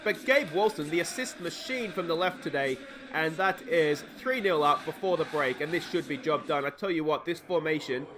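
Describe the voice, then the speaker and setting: A young Australian man hosts a let's-play, casually commentating his football management game in a voice made hoarse by a cold. He rambles between bursts of excitement whenever his team scores. His pitch is fairly high, his pace moderate, and there is background noise.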